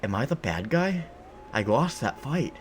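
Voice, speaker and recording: A man's voice: mid-range voice, sing-song, measured pace, a little hiss or hum, pitched above the performer's own voice. A man mimicking a defeated young woman warrior who doubts herself, in a mock-earnest tone. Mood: doubtful.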